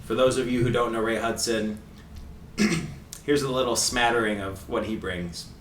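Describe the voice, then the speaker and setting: A man's voice: medium pitch, steady tone, normal speed, fairly bright tone. A man co-hosting a soccer podcast in a casual, chatty way, laughing often. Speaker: podcast co-host. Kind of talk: casual chat. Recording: roomy echo, distant mic, faint hiss.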